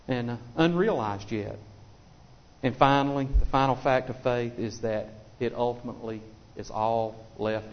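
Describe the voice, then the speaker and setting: A man preaching a sermon in a conversational, folksy way, often repeating himself as he restarts phrases. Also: mid-range voice. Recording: dull lo-fi recording.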